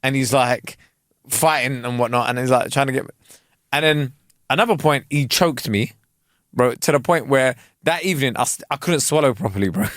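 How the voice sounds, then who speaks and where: A man, co-hosting a podcast and telling a story in a casual, animated way full of slang. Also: medium pitch, normal speed, no room sound, clean studio sound. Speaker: podcast co-host. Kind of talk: casual chat.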